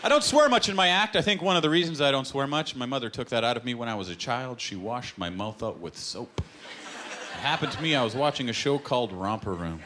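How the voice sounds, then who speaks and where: A Canadian man doing a stand-up comedy set on a club stage, telling stories with deadpan punchlines. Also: mid-range voice, brisk, a little hiss or hum. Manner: lively, deadpan punchlines, acted-out quotes. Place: comedy club stage before a live audience. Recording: live club recording with loud crowd. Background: loud audience laughter.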